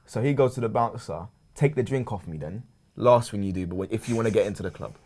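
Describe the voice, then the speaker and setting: A man, a podcast co-host, telling a story in a relaxed, slangy way and chuckling now and then. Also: on the low side, fast. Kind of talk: casual storytelling chat.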